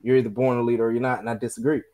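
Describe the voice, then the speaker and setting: A young podcast co-host talks loosely and conversationally at a racing pace in an ordinary, medium-pitched voice. He swears freely and tells animated stories, slipping into the voices of the people he quotes.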